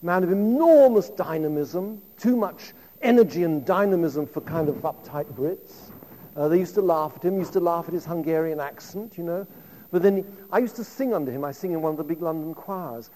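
A man in his fifties delivering a public lecture, his fairly high voice ringing out with a long reverb through the hall. He spins anecdotes in a chatty, conversational way, with frequent asides to the audience. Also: normal speed, dark tone.

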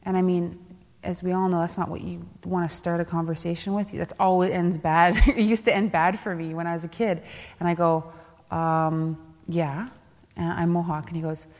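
A woman's voice: lowish voice, steady tone, normal speed, darkish tone. A woman, speaking as a panelist and former athlete, telling a candid personal story and laughing now and then. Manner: candid, laughing, acts out quoted voices. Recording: reverberant hall.

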